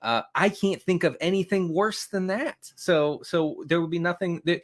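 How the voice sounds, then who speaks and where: A man's voice: fairly high pitch, expressive, moderate pace, hardly any pauses. A man co-hosting a casual football chat, delivering his lines with mock drama and laughing along. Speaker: fantasy football analyst co-host.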